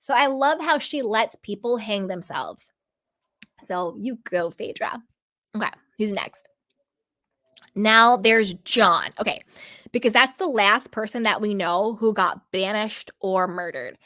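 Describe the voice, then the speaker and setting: A woman's voice: medium pitch, unhurried. A woman host giving sassy, casual commentary on a reality show, often acting out what people say. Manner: sassy, animated, mimics people in quotes.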